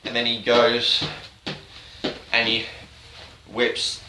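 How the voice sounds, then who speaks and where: A man's voice: mid-range voice, very slow, far from the mic. Rambling, irreverent young man, roomy sound. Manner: rambling, irreverent, offhand deadpan. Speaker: YouTuber. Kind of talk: comedic game-story recap. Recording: roomy, off-mic, faint hiss.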